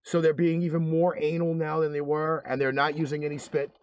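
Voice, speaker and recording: A man's voice: on the high side, level tone, fairly quick, no echo. A man hosting a casual podcast, talking in a loose, rambling way with lots of swearing and filler words. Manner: rambling, profane, many "uh"s. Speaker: podcast host. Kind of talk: casual chat.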